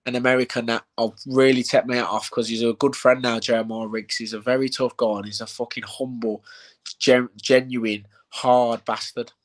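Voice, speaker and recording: A man's voice: mid-range voice, level tone, normal speed. A man, a bare-knuckle fighter hosting a live chat, blunt and swearing freely.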